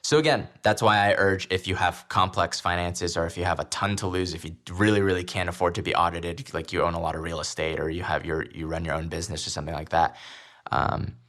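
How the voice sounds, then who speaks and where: A man's voice: deep voice, steady tone, quick pace, fairly bright tone. A young man hosting a podcast, talking casually about personal finance with lots of "um"s and easy laughter. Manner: laughs easily, chatty with filler ums. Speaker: podcast host.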